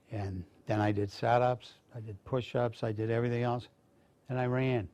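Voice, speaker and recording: A man's voice: medium pitch, fairly even intonation, normal speed, darkish tone. An older man from Maine, a veteran speaking to students, telling folksy stories in a rambling, casual way. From Maine, USA. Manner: rambling, folksy anecdotes with restarts.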